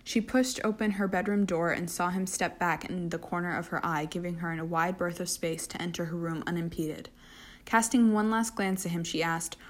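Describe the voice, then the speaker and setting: A woman reading a story aloud at a steady pace, with occasional slips and restarts. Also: on the low side, normal speed. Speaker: fanfiction reader.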